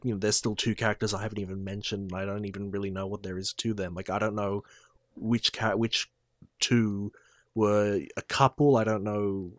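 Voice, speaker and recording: A man with a fairly low voice, discussing a film in a thoughtful way. The recording is dry and close. He lays out each point step by step. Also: little pitch movement, moderate pace, fairly bright tone, no echo. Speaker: film podcast co-host. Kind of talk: casual film review chat.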